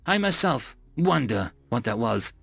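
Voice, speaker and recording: A man's voice: medium pitch, sing-song, measured pace, creaky, fairly bright tone, slightly rough, dry recording, faint music behind, full character voice. A man voicing a timid female alien envoy from a prey species, who speaks in an apologetic, stammering way in an audiobook. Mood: nervous. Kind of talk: audiobook character voice.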